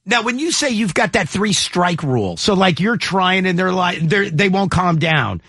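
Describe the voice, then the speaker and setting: A man hosting a call-in radio show. He has a high, very lively voice with a gravelly, husky edge and a bright, forceful tone, recorded dry and close. He jokes with callers and gropes for words as he talks. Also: normal speed, no room sound.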